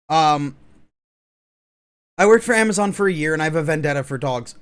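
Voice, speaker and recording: A man delivering opinionated reaction commentary in a sarcastic, swearing rant. His voice is fairly high for a man and very animated, jumping up and down constantly. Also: moderate pace, long pauses. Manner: ranting, sarcastic, profane. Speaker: online commentator.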